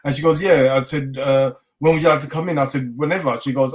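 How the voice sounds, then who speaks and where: In a brisk mid-range voice, a middle-aged chef with a London accent shares his story as a guest in a casual interview. He's lively, plays out the dialogue, and laughs often.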